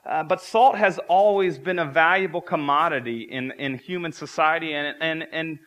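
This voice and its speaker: Male pastor, thirties, preaching, bright voice, slightly high pitch, earnest repetition. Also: normal speed. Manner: earnest, repeats key phrases for emphasis. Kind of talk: sermon.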